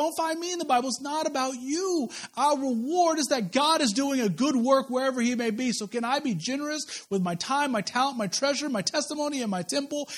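A pastor from Kansas preaching a sermon to his church, mixing humorous personal stories with repeated rhetorical questions. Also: very high-pitched. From Kansas, USA. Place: church service.

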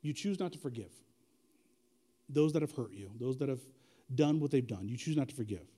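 A male pastor preaching a sermon in an animated, conversational way, using slang and asking the congregation direct questions. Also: mid-range voice, fairly quick.

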